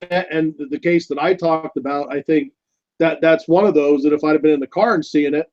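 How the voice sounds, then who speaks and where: Man with muffled, slightly high voice. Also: steady tone, brisk, dry recording. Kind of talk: casual live-stream chat.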